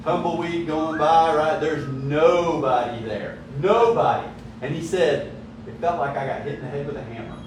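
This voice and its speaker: A man's voice: on the high side, moderate pace, noisy background. A man leading a conversational Bible study, telling stories and often checking in with his listeners. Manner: storytelling, frequent "right?" check-ins. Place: church room. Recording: echoey room from far off.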